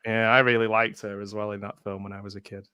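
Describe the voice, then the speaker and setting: A man's voice: on the low side, flat delivery, quick pace, pushed and bright, clean tone, dry recording, studio quality. A man co-hosting a movie commentary stream, chatting casually and laughing often. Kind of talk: casual chat.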